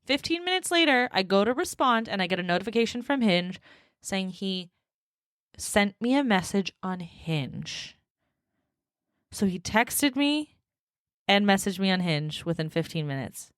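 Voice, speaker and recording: A woman's voice: mid-range voice, expressive, a little slow, fairly bright tone, no echo, clean studio sound. A young woman hosting a solo podcast, telling a dating story in a sassy, exasperated way and laughing often. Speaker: podcast host.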